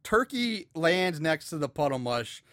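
Slightly high-voiced man recapping a movie. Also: sing-song, a little slow, fairly bright tone, no room sound, clean studio sound. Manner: rambling plot summary with many "like" fillers. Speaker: podcast co-host. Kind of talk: casual movie recap chat.

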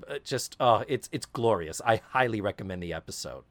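A man co-hosting a podcast in casual chat, an animated storyteller who swears freely. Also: lowish voice, a little fast. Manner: animated storyteller, swearing, slips into mock Cockney quotes. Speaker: podcast co-host.

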